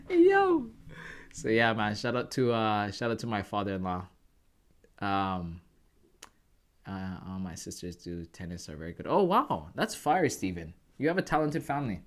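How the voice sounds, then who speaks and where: A man's voice: lowish voice, very animated, moderate pace. A man from Canada hosting a trading livestream, chatting casually and calling viewers "bro" and "guys".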